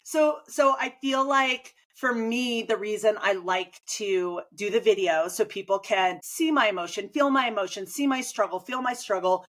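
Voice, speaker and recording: A woman's voice: medium pitch, moderate pace, few pauses. A woman coach and host in casual conversation, chatty and acting out what people say. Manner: chatty, animated, acts out quoted remarks.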